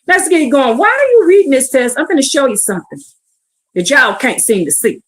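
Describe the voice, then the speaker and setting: A woman's voice: sits high, sing-song, fairly quick. A woman reading scripture aloud on a livestream, breaking off into blunt, profane asides and pleading rhetorical questions. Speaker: scripture teacher. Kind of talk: livestreamed Bible reading with commentary.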